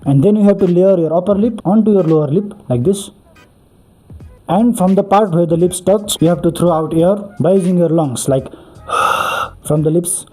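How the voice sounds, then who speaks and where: A man's voice: high-pitched, moderate pace, warm tone, faint music behind. A man hosting a beatbox tutorial, explaining each step earnestly and repeating "really, really" for emphasis.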